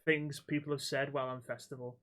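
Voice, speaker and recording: A young man chats on a podcast in a blunt, sweary storytelling way. His voice sits at an ordinary middle pitch, neither deep nor high. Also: flat delivery, fast, a bit bright. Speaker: podcast co-host and axe-throwing instructor. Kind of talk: casual chat.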